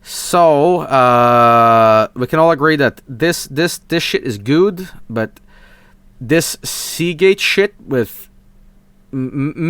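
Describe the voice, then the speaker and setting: A young man with a Swedish accent chats on a live stream, his pitch sitting a bit high and bouncing wildly. He is excitable and swears freely, dropping to mumbles before bursting into shouts. The sound is dry and close. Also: slow pace, no room sound. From Sweden. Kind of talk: casual live-stream chat.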